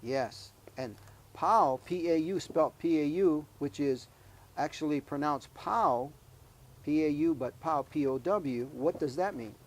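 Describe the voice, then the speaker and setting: A man hosting a children's show, gently quizzing young guests and leading sing-alongs. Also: on the high side. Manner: slow, gentle, quizzing kids. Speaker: host. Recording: music behind voice.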